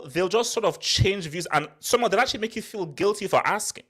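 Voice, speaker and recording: A young man hosting a casual football chat show, animated and ranting with jokes. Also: high-pitched, quick pace, hardly any pauses, breathy edge. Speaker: football podcast host.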